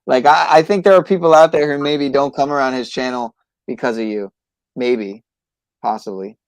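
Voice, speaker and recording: A man hosting a podcast stream who rambles and hesitates, often trailing his sentences off into a mumble. His voice sits at a middling pitch and sounds close and dry. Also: normal speed, no room sound. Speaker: podcast host. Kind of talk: casual livestream chat.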